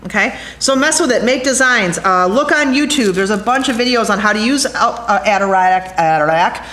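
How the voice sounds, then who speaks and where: A woman teaching a glass jewelry craft, chatty and excitable, talking straight to her viewers as she works. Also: fairly high pitch, a little fast. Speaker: glass art instructor. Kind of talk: hands-on craft demonstration.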